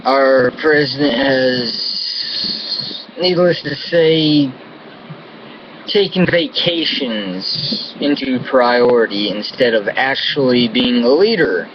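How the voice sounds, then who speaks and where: A man's voice: mid-range voice, slow pace. An American man delivering an angry, profane political rant to camera, full of contempt and insults. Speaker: vlogger. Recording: dull lo-fi audio with air-conditioning hum.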